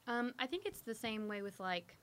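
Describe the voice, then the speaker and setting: A young woman and trained singer chatting as a guest, talking with vocal fry. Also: on the high side, animated, brisk, a little hiss or hum. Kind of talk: casual chat.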